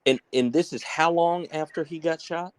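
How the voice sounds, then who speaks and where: A man's voice: on the high side, normal speed, smooth, dry recording. A male podcast co-host in casual chat, reacting to the story and asking questions.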